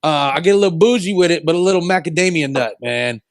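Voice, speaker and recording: A man's voice: fairly high pitch, fast, dry recording, studio quality. A man co-hosting a radio comedy talk show, telling stories in slangy casual banter and laughing often.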